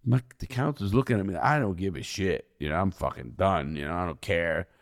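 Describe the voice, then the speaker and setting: A man's voice: low-pitched, lively intonation, brisk. Blunt, profane man telling prison stories. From United States. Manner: profane, blunt, rambling with restarts. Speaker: interview guest, ex-convict. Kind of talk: casual storytelling.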